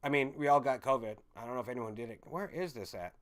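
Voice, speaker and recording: A man's voice: medium pitch, fast, a bit bright. A man chats loosely to a live audience, circling back and correcting himself as he goes. His talk is off-the-cuff and peppered with swearing, in a mid-range voice. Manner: rambling, swearing, self-correcting. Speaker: livestream host chatting with viewers. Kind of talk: casual live-chat rambling.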